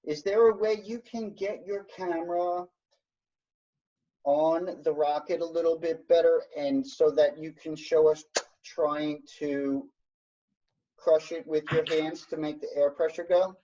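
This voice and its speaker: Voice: mid-range voice, fairly even intonation, unhurried, warm tone. An instructor teaching an online science workshop, explaining step by step in an encouraging way over a video call. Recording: dull lo-fi video call audio.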